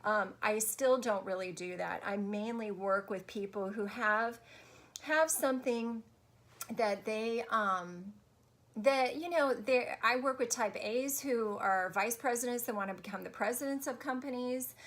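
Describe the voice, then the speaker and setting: A woman's voice: fairly high pitch, measured pace, fairly bright tone. A woman life coach answering viewers' questions on a live stream, chatty and gushing. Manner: chatty and gushing, many restarts.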